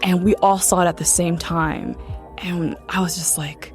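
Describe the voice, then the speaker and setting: A woman's voice: lowish voice, fairly even intonation, moderate pace, music in the background. A young woman casually recounting a true ghost story in a chatty way, full of "like" and "um" fillers. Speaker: guest storyteller.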